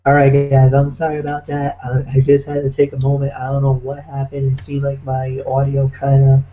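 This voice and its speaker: A man hosting a casual podcast recap, speaking in a steady, measured way. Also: medium pitch. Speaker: podcast host. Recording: dull lo-fi line with faint noise.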